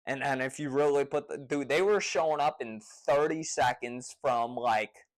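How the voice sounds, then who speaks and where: A man casually retelling a personal story in a rambling, profane, excitable way. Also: mid-range voice, normal speed, poor audio.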